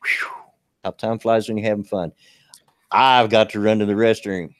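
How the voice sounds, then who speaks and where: A man's voice: lowish voice, steady tone, normal speed, dry recording, clean studio sound. A man co-hosting a live stream, talking in a folksy, rambling way and laughing easily. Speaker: co-host of a live stream show. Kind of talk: casual live stream chat.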